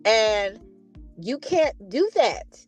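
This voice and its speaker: A woman from the Los Angeles area tells a story in a loose, chatty way, animated and laughing as she acts out both sides of the dialogue. Her voice sits a little high for a woman. Faint music plays softly underneath. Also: very slow, highs cut off. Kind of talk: casual storytelling chat.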